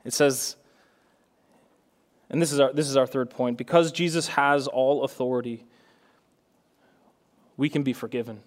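A man's voice: mid-range voice, moderate pace, pauses often. A young adult man, a pastor, preaching a sermon in an earnest way that rises to fervent emphasis.

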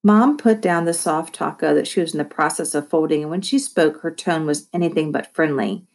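A woman reading a children's novel aloud in steady, expressive first-person narration. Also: low-pitched, a little fast, hardly any pauses. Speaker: reader.

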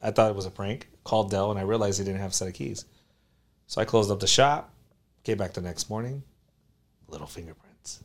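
A man from South Florida, a collectibles store owner, telling a story as a podcast guest with lively acted-out quotes. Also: fairly low pitch, fairly quick, pauses often. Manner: animated, acts out quoted voices loudly.

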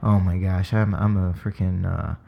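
A man's voice: low-pitched, little pitch movement, moderate pace, vocal fry, highs cut off. A man chatting casually as a podcast guest, reflective and rambling, swearing now and then.

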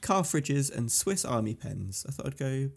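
A man's voice: mid-range voice, sing-song, normal speed, creaky, slightly rough. A man co-hosting a casual tech podcast, with dry, laid-back banter. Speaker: podcast co-host.

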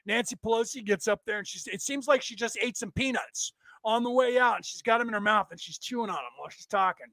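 High-voiced man ranting profanely. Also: fast, sharp tone, no echo. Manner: profane, rambling, laughing at his own jokes. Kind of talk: profane comedic rant. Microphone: desk setup.

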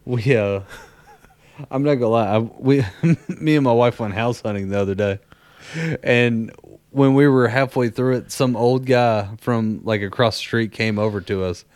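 American dude on a podcast, smooth clear voice, dry close mic, loves doing voices. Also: male voice, mid-range voice, normal speed, no room sound. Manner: animated storyteller, does voices. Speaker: podcast co-host. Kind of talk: casual chat.

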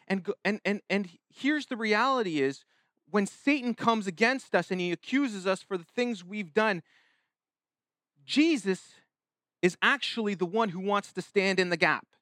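A man gives a sermon in a relaxed, talky way, often starting phrases over and slipping into quoted voices. His voice sits high and bright. The sound is dry and close. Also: a little slow, no room sound. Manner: conversational, with many restarts and acted-out quotes. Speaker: pastor.

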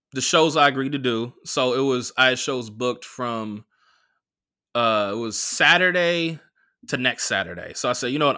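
A young man hosting a podcast, telling a personal story in a casual, animated way, with lots of swearing and quoted dialogue. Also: medium pitch, clear, resonant tone, no echo, studio quality. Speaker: podcast host.

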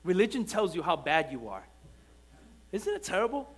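A man preaching from the pulpit with a notably high voice for a man. He shifts between relaxed storytelling, full of restarts, and fervent emphatic lines. The delivery is that of a church pastor. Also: normal speed, slightly rough. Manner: animated preaching, rising to emphatic repeated lines; conversational storytelling with frequent restarts. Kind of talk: sermon. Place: church sanctuary.

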